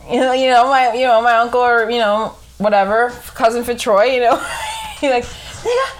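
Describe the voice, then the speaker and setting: A young woman with a higher-pitched voice talks at a normal speed on a casual podcast chat. She tells animated stories, laughs often, and swears freely.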